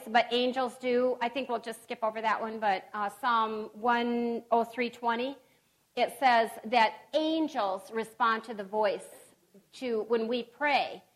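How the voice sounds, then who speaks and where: A middle-aged woman preaches earnestly to a room of women, reading scripture aloud. She speaks slowly and deliberately in a fairly high voice, pausing and restarting as she builds her points. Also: a bit bright, poor audio. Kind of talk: sermon.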